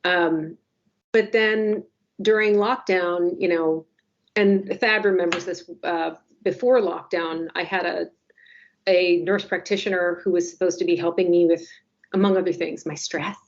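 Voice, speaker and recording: A woman's voice: fairly low pitch, fairly even intonation. Wry woman telling a self-mocking story. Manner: wry, self-deprecating storytelling with quick asides. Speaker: newspaper podcast co-host. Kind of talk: casual podcast chat. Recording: slightly dull lo-fi audio.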